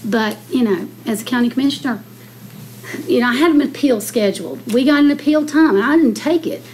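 Middle-aged woman commissioner, blunt and impassioned, slightly high voice, faint room hum behind. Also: animated, a little fast, rough recording. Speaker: county commissioner. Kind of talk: public meeting debate. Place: county commissioners' chamber.

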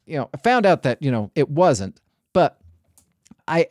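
Slightly high-voiced man, dry close sound. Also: sing-song, measured pace, a little mellow, no room sound. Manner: rambling, full of restarts and hedges. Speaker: podcast host. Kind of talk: casual podcast chat.

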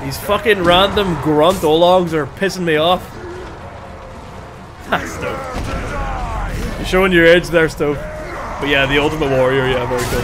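A man doing casual gameplay commentary on a livestream, excitable, swearing freely and shouting at the game. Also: a little high, moderate pace, pauses often, background noise.

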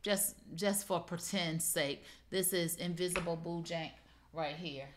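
A middle-aged woman hosting a live shopping show, pitching deals in a playful, chatty way and talking straight to her viewers. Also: fairly even intonation, unhurried, background noise.

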